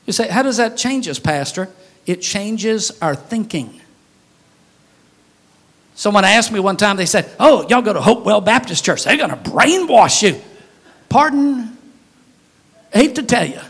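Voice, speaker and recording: A man preaching a sermon as pastor, folksy and humorous, breaking into sudden loud shouts. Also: high-pitched, lively intonation, moderate pace.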